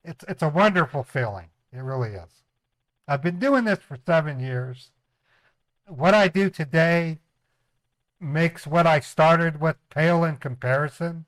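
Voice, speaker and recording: A man's voice: a little high, expressive, unhurried, fairly bright tone, dry recording. A man hosting a casual livestream. He chats, laughs often and slips into voices. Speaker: streamer, scam baiter.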